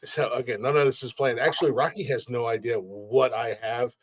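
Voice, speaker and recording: A man's voice: medium pitch, fairly even intonation, a little fast, slightly rough, dry recording. A man hosting a casual podcast chat, rambling and swearing freely, with many restarts. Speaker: podcast host. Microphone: remote call setup.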